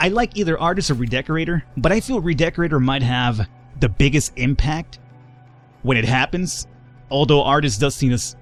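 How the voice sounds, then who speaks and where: A man hosting a let's play, chatting casually, swearing, thinking aloud and laughing at himself. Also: mid-range voice. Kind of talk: casual gameplay commentary.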